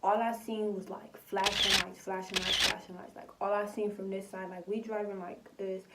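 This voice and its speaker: A young woman from Compton, telling a storytime vlog in animated, slangy, filler-heavy speech. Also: mid-range voice, moderate pace, heavy background noise. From Compton, California. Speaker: vlogger. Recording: voice somewhat distant from the mic.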